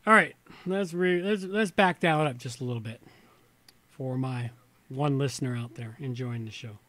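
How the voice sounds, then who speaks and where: With a mid-range, slightly bright voice at normal speed and no echo, a man hosts a casual livestream while a little tipsy. He reads from an old reference book, and between passages he rambles in muttered asides.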